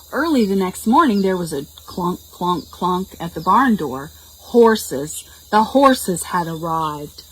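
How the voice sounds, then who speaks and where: Storytime reader: woman, lively and unhurried, faint room hiss. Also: lowish voice, poor audio. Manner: animated, slow and expressive, explains words to children. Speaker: children's librarian reading a picture book. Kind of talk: storytime read-aloud for preschoolers. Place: public library.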